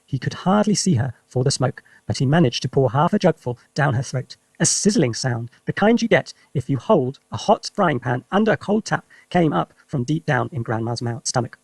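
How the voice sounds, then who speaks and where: Expressive male storybook reader. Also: medium pitch, moderate pace, gravelly, few pauses, breathy edge, no room sound. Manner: lively, expressive narration. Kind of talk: storybook read-aloud for English learners.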